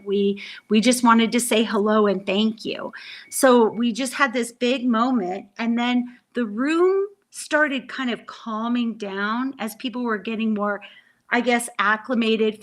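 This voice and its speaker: A woman's voice: on the high side, a bit bright. A middle-aged woman telling a long personal story on a live stream, earnest and rambling with many restarts. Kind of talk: casual storytelling.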